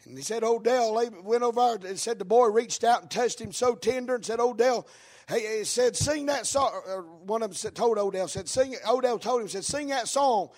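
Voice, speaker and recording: A man preaching a fiery sermon in church, telling a story with a preaching cadence that rises into shouts. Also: high-pitched. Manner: preaching cadence, rising into shouts, drawn-out words.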